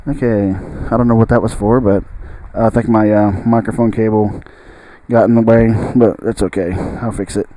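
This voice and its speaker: Male tutorial host, relaxed and dry-sounding, casually walking through a session at home, often trails off mid-sentence. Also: fairly low pitch, moderate pace, no room sound, poor audio. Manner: thinks aloud, trailing off and restarting sentences. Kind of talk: casual spoken tutorial walkthrough.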